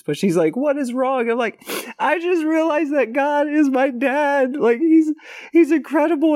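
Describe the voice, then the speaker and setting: A man's voice: mid-range voice, a little mellow, no echo, clean studio sound. A man in his thirties preaching a sermon as a guest speaker, telling a personal story with acted-out voices and sound effects. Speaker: guest pastor.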